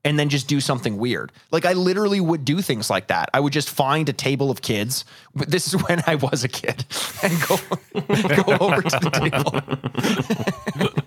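A man's voice: on the high side, sing-song, fast talker, dry recording, clean studio sound. A man co-hosting a podcast, rambling through stories with frequent restarts and laughter. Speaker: podcast co-host. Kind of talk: casual chat.

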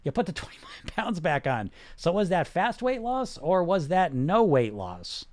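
A man's voice: high-pitched, sing-song, unhurried, a little mellow, no room sound. A middle-aged man who coaches weight loss, talking in a live-streamed podcast monologue, blunt and profane, firing rhetorical questions at his listeners.

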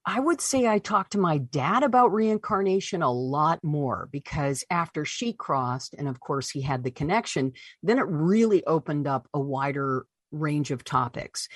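Low husky woman telling her story. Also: dry recording, clean studio sound. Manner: animated, voices her own past reactions. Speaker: interview guest. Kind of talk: personal storytelling.

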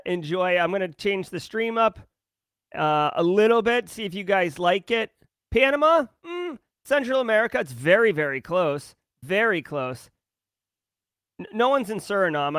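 A man's voice: sits high, a bit bright, smooth, no room sound, studio quality. A man hosting a daily livestream in casual, upbeat chat, greeting viewers by name. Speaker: livestream host.

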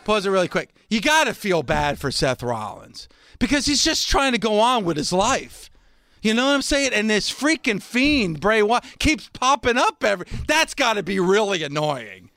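A man hosting a wrestling show, pausing a clip to mock it in a sarcastic, laughing way. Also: high voice, very animated, vocal fry, bright, forceful tone, dry recording, studio quality. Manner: sarcastic, mocking, laughs often. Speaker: wrestling podcast host. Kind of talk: casual reaction commentary.

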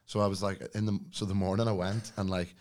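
A man appears as a podcast guest, telling a story in casual chat. He speaks quickly in a low voice, animated, acting out quoted lines and laughing along the way.

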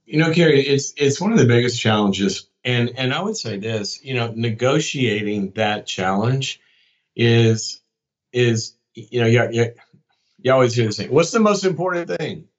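A man's voice: medium pitch, a little slow, highs cut off. A man speaking as a guest psychologist in an interview, joking and often repeating words as he gets going. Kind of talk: casual interview talk.

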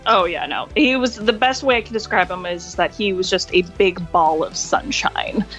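A woman guest in a casual interview, telling lively stories, laughing often and acting out voices. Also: medium pitch, normal speed, faint music behind. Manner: animated, laughs often, acts out quoted voices. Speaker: interview guest, hotel hospitality worker.

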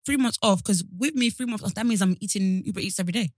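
A woman co-hosting a podcast, chatting casually and animated with strong opinions. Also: medium pitch, quick pace, no room sound, clean studio sound. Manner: animated, opinionated, laughs often. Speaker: podcast co-host. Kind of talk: casual chat.

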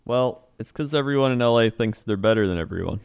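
A man's voice: fairly low pitch, fast talker, vocal fry, clear, resonant tone. A man co-hosting a podcast in casual chat, laid-back, mostly giving brief reactions. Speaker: podcast co-host.

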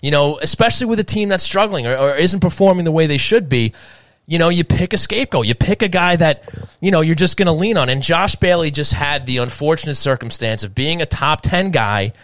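Male co-host for casual sports talk, animated and rambling, dry close mic. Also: on the high side, no echo. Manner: animated, fast, filler-heavy rambling. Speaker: podcast co-host.

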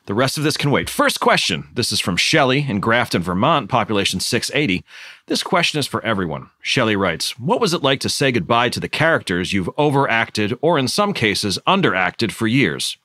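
A man's voice: mid-range voice, sing-song, moderate pace, pushed and bright, no room sound, clean studio sound. A man hosting a mock interview in a sketch with the manner of an exasperated moderator. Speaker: sketch comedy host.

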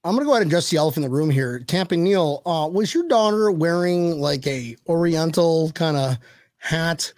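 Crude, joking co-host, man, a bit high-pitched, dry close recording. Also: expressive, a little fast, a little mellow, dry recording. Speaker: podcast co-host. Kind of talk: casual podcast chat.

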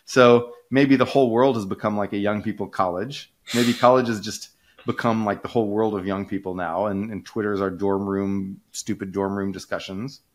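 A man's voice: fairly low pitch, steady tone, normal speed. A man co-hosting a casual podcast, explaining ideas in a rambling way with many fillers and restarts. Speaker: podcast co-host, economist.

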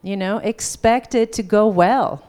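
A woman's voice: mid-range voice, unhurried. A woman teaching a live class in a conversational way, often checking in with her listeners and acting out bits of dialogue. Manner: animated, acts out quoted dialogue. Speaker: workshop teacher.

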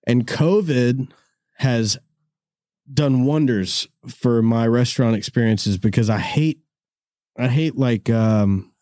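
A man with a medium-pitched, dark voice speaks slowly as he hosts a podcast of laid-back, rambling stories, full of swearing, laughter, and "dude." The clean, dry studio sound comes from a corded mic in a studio room.

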